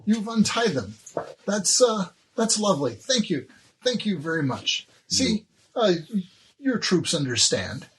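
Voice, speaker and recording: Man putting on a high-voiced female elf noble for a tabletop game; sweet, polite, bemused; noisy capture. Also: big pitch swings, measured pace, a bit bright, exaggerated voice. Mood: gracious. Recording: noisy binaural tabletop recording.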